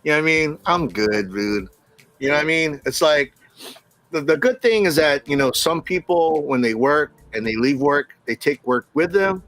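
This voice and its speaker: A middle-aged man casually telling a story from work, animated, laughing often and acting out what people said. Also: a little high, moderate pace, no room sound.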